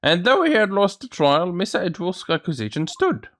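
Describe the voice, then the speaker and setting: A man's voice: sits high, big pitch swings, brisk, a bit bright. A man voicing an old man who talks in an old-fashioned way, calling people my dear and me boy, over faint game music. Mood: earnest.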